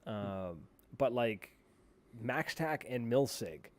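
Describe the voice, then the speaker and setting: A man's voice: mid-range voice, lively intonation, takes it slowly. Male co-host, casual and blunt, rambling delivery, everyday mid voice. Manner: rambling, blunt, swears freely. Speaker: podcast co-host. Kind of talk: casual chat.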